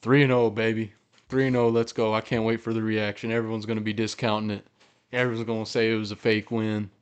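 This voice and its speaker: This male podcast host, a fan, reacts to a football game live, cheering, groaning and swearing excitedly with every play. His lowish voice is fast with a clean tone, though the audio sounds dull.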